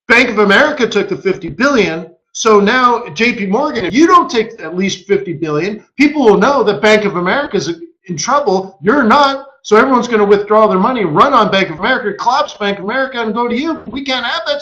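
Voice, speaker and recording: This forex market strategist hosts a casual live webinar, an animated man who tells stories and acts out quoted voices. He speaks high-pitched and brisk with hardly any pauses, and the dull lo-fi audio comes from an echoey room.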